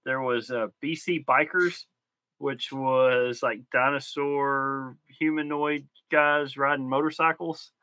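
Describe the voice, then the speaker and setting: A man with a bright, forceful voice co-hosting a casual toy podcast. He talks at an easy pace, pausing often with ums as he works through his points. The sound is dry and close. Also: mid-range voice, no room sound. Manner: relaxed, hesitant, many ums while explaining. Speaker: podcast co-host.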